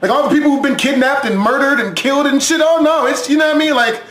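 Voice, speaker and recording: A man's voice: very high-pitched, fast, fairly bright tone. A man hosting a reaction video, jumpy and profane, laughing as he talks. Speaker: YouTube reaction host. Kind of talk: casual reaction commentary.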